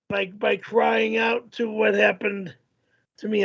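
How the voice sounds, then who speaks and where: High, gravelly man, flustered and indignant. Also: level tone, a little slow, a bit bright, muffled recording. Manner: indignant, flustered, repeats and stammers. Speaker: livestream host. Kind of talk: reacting to viewer messages on a live stream.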